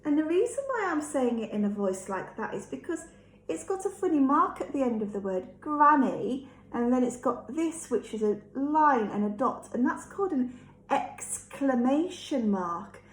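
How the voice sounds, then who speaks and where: A woman, a teacher reading a storybook aloud to children, gently explaining and asking them questions. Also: sits high, animated, normal speed. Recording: echoey room.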